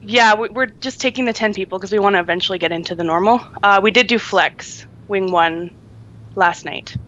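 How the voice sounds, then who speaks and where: A woman's voice: mid-range voice, brisk, a bit bright, muffled recording. A woman co-hosting a podcast in casual chat, chatty and laughing often, with many ums. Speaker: podcast co-host.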